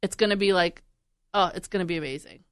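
Smooth-voiced chatty woman podcast host. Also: fairly low pitch, dry recording, clean studio sound. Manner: chatty, laughing, quick to act out animals. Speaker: podcast host and radio producer. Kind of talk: casual chat.

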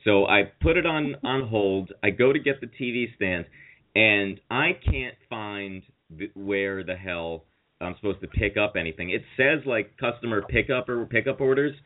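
A man's voice: on the low side, animated, moderate pace. A man casually telling a long, rambling anecdote in a chat show, swearing freely and acting out what other people said. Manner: rambling, profane anecdotes with acted-out quotes. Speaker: podcast co-host. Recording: tinny phone-like audio.

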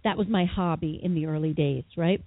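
Husky woman telling a story over the phone. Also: deep voice, a little fast, no echo. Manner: lively, dramatic retelling with quoted voices. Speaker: guest, psychotherapist and author. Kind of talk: animated storytelling in an interview. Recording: tinny phone line.

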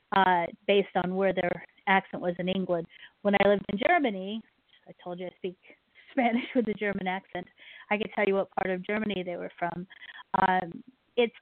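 A woman's voice: medium pitch, no room sound. A woman radio host with a Midwestern American accent, telling a rambling story on a chat show. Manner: rambling, self-correcting storyteller. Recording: tinny phone-line audio.

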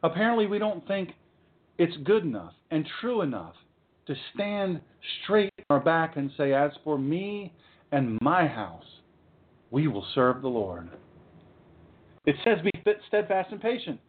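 A man preaching a sermon, fiery and emphatic, with dramatic pauses. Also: a little high, very animated. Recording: tinny phone-like sound.

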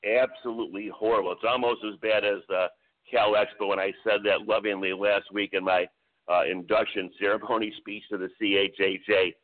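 A man's voice: on the low side, level tone, moderate pace. An older man, a veteran racetrack announcer, telling chatty anecdotes as a guest on a radio interview. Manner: chatty anecdotal storyteller, many "I said, he goes" retellings. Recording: phone-line call-in audio.

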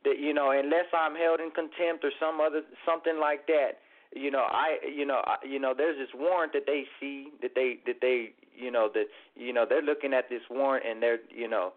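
A man calling in for a casual conversation, halting and restarting his words often. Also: mid-range voice, level tone. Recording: tinny phone line.

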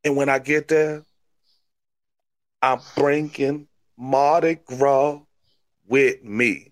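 A man's voice: medium pitch, fairly even intonation, very slow. A man hamming up a brash Cajun wrestler. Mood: boastful. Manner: boastful wrestling-promo drawl. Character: brash swamp-bred Cajun male wrestler.

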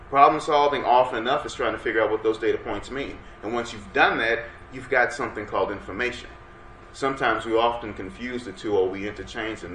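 Male workshop presenter, energetic and audience-driven, mid pitch, roomy room with faint hiss. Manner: energetic, coaxes audience to respond. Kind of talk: interactive workshop lecture. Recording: roomy room sound, faint background noise.

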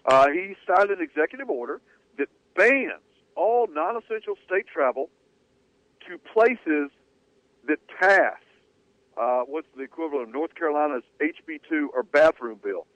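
A man's voice: on the high side, expressive, normal speed, a bit bright, dry recording. A man co-hosting sports talk radio, telling a story in a loose conversational way. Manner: conversational, hedging with fillers. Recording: dry tinny phone-like radio audio.

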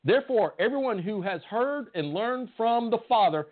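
A man's voice: high-pitched, animated, normal speed. A man with a Southern US accent giving a conversational Bible sermon, folksy and often asking his listeners questions. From Southern United States. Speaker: Bible teacher. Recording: tinny phone-like audio.

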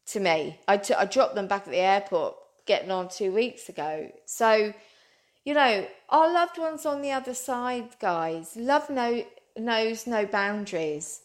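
A woman, a psychic medium, telling a long story in an earnest, rambling way and calling her listeners "guys". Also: a little high. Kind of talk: animated storytelling.

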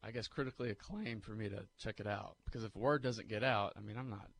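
A man co-hosting a sports radio show, telling movie scenes in a lively, animated way. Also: on the low side, fast, vocal fry. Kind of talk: casual sports talk.

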